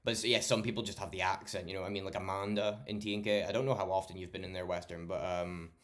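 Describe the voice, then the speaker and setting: A man's voice: low voice, fairly even intonation, fast talker, a bit bright. A young man from Scotland with a mild Scottish accent, chatting on a late-night stream in a rambling, sweary, laid-back way. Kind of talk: casual chat.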